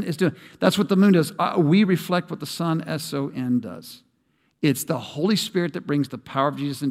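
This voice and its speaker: A man preaches in a sanctuary, his voice sitting a little high. He talks to the congregation conversationally and then pushes up to emphatic peaks. A long reverb hangs after his words. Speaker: pastor. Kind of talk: sermon.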